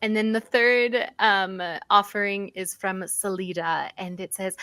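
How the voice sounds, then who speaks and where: A woman's voice: mid-range voice, fairly even intonation, measured pace, hardly any pauses, pushed and bright, no room sound. A woman narrating as dungeon master, reading handouts aloud with frequent ums. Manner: reads aloud with filler ums. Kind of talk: narrating a tabletop game.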